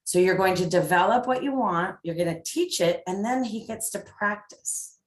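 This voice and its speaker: A woman's voice: mid-range voice, moderate pace. A middle-aged woman giving an upbeat parenting talk, full of acted examples. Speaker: parenting coach and presenter. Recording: echoey room.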